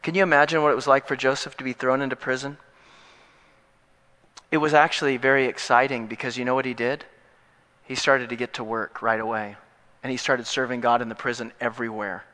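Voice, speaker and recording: Animated preacher in a reverberant hall. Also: male voice, medium pitch, fast. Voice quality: animated and joking, with wide swings between loud and hushed. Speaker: pastor. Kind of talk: sermon.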